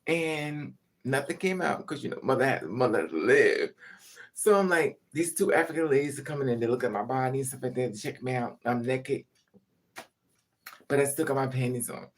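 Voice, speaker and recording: In a vlog, a woman tells a personal story casually, frank and profane, laughing as she swings between loud outbursts and hushed asides. Her voice is very deep and animated, at a moderate pace.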